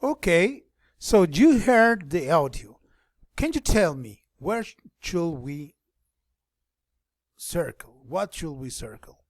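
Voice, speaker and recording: A man teaching an online class, explaining things slowly and switching between English and Spanish. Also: on the high side, very animated, no echo.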